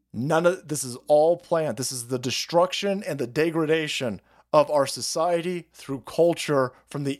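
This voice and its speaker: A man hosting a livestream, ranting in a profane, mocking way and putting on voices to mimic the people he attacks. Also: on the high side. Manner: foul-mouthed, animated, mocking voices of opponents. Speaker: livestream host. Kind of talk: profane political rant.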